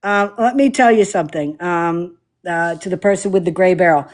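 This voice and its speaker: Here the furniture-refinishing livestream host speaks at a normal speed in a voice on the low side. She talks casually as she works on the project, leaning on many fillers and breaking into playful laughter now and then.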